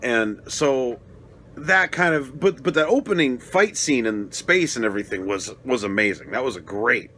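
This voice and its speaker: A man's voice: mid-range voice, expressive, moderate pace, slight background noise. A young adult man giving a casual, rambling spoken film review, swearing often and getting worked up as he talks. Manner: rambling, profane, gets worked up and loud. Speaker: movie reviewer.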